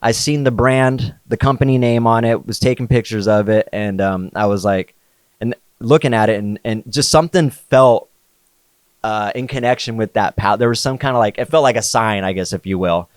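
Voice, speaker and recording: A man's voice: lowish voice, moderate pace, dry recording. A man, a podcast guest, telling a story in casual, slangy conversation, often saying "like" and "dude". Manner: laid-back, slangy, says "like" and "dude" often.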